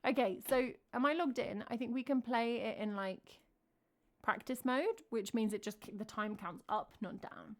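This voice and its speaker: A woman's voice: fairly high pitch, moderate pace. A woman with an English accent, chatting casually on a live stream, thinking aloud and answering her chat. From England.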